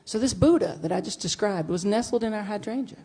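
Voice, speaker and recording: A woman minister giving a storytelling sermon, acting out dialogue with big jumps in pitch and loudness. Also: fairly quick, husky. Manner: animated, acts out dialogue with big swings in pitch and volume. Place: church sanctuary.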